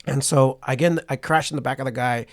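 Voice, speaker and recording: With a medium pitch and brisk delivery, a California man in his forties from Patterson tells a story as a podcast guest in a casual interview. He's animated, acts out what people said, and keeps asking "right?"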